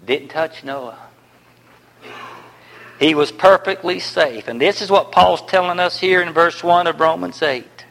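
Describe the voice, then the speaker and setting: A man preaching a sermon, with emphatic repeated phrases that swing from loud declarations to hushed near-whispers. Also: high-pitched. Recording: long reverb in a large hall.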